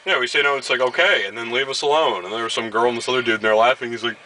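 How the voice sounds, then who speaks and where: A man's voice: mid-range voice, steady tone, racing, pushed and bright, poor audio. A man from Baltimore vlogging casually, telling a story and acting out what others said. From Baltimore, USA. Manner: storytelling, acts out quoted dialogue. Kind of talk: casual chat.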